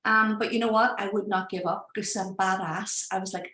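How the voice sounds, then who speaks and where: Irish woman, middle-pitched voice, animated storyteller, echoey room. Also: brisk. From Ireland. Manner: animated, acts out voices in quotes. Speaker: project founder and guest. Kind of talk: casual storytelling.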